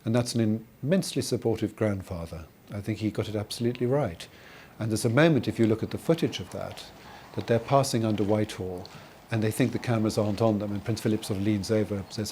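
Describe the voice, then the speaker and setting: A man's voice: on the low side, quick pace, warm tone, slight background noise. A man interviewed for a documentary, telling an anecdote. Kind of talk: interview storytelling.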